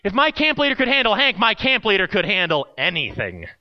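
High, lively-voiced male pastor preaching. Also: fairly quick, muffled recording. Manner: earnest, dramatic storytelling, acts out the people in his stories. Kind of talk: sermon with personal storytelling.

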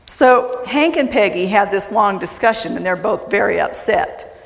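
A woman's voice: mid-range voice, expressive, normal speed, creaky. Folksy woman preacher from West Virginia, mid-range voice, in a reverberant sanctuary. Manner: folksy, storytelling, self-deprecating. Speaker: pastor. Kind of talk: sermon. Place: church sanctuary.

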